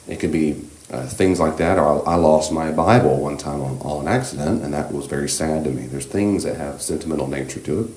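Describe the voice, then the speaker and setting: A man leading a church class on grief, speaking in a gentle, reassuring, conversational way with many fillers. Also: rumbling low, a little fast, few pauses, roomy sound. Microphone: room microphone.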